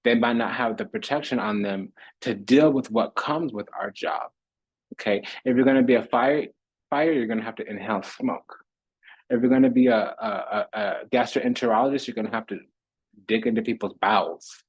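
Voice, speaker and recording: A man's voice: medium pitch, moderate pace, husky, no room sound, lo-fi sound. A man giving a spiritual tarot reading monologue, preaching in repetitive, rhythmic lists. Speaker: tarot reader.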